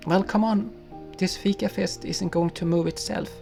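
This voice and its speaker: A man voicing a cheeky, laughing male chipmunk in a storybook reading, brisk and emphatic. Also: sits high, music in the background. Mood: gleeful. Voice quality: gravelly.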